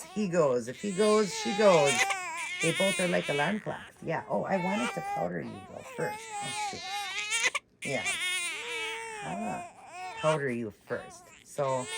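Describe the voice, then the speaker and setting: A woman vlogger soothes her dolls in cooing mother talk and explains each step to viewers. Her voice sits low with a lively, swinging melody and a gravelly texture. Loud baby crying fills the background. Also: very noisy. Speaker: vlogger caring for reborn dolls. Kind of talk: casual show-and-tell vlog. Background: recorded baby crying.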